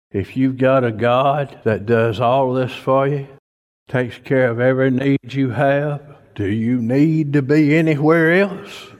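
A man preaching a sermon in a folksy, emphatic way, building at times to near-shouts. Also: medium pitch. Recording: long hall reverb.

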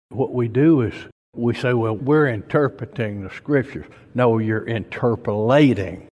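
A man preaching a sermon in a folksy, emphatic way, building at times to near-shouts. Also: mid-range voice. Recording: long hall reverb.

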